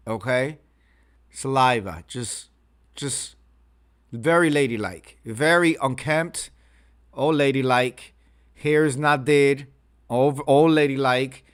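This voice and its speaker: A man hosting a reaction commentary, mocking and crude in his remarks. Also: mid-range voice. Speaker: commentary host.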